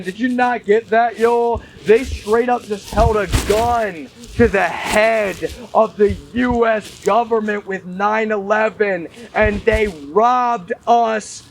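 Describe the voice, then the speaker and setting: A man with a high voice speaks slowly and insistently, hammering the same points over and over and calling out to his listeners. The recording carries steady background noise. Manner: insistent, repetitive, keeps saying "y'all". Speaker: commentator. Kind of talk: monologue to camera. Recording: noisy recording.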